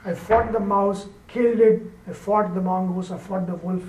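A man voicing a sly, scheming male fox in a low, confiding tone while telling a fable. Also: fairly even intonation, moderate pace, darkish tone, recorded from a distance, slight background noise, lightly acted. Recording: roomy echo, off-mic, faint ambience.

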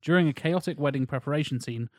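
A man's voice: fairly high pitch, fast, no room sound, clean studio sound. A man co-hosting a podcast, chatting casually with wry, sarcastic remarks. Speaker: podcast co-host. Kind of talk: casual chat, swearing.

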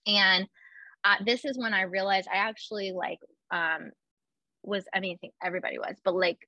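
Chatty woman, bright voice. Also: medium pitch, fairly even intonation, moderate pace, no room sound. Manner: chatty, full of "like" fillers, acts out her own quotes. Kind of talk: casual chat.

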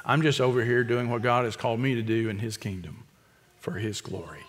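Emphatic preacher in echoing hall. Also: male voice, mid-range voice, fairly even intonation. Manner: emphatic, repetitive preaching with quick asides. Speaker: pastor. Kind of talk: expository sermon.

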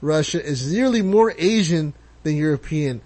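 A man with a slightly high voice co-hosts a loose podcast. He reads definitions aloud and cracks crude jokes between them. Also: expressive, moderate pace, darkish tone. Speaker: podcast co-host. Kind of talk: casual podcast banter.

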